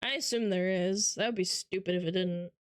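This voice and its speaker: A woman's voice: on the low side, a little fast, no room sound, clean studio sound. A woman streamer chatting casually with her viewers, joking and swearing and laughing often. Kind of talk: casual live-stream chat.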